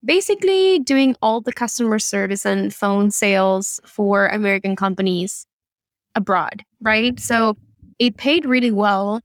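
A young adult woman from Argentina with an Argentine Spanish accent, a guest telling animated stories in an interview. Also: medium pitch, unhurried, no room sound, clean studio sound. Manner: animated storyteller, laughs often. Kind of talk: conversational interview.

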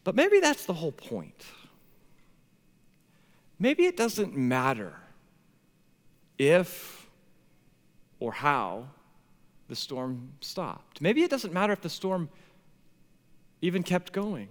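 A man in his thirties preaching a sermon as a pastor, animated, swinging from hushed tones to near shouting. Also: a little high, slow pace, pauses often. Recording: long hall reverb.

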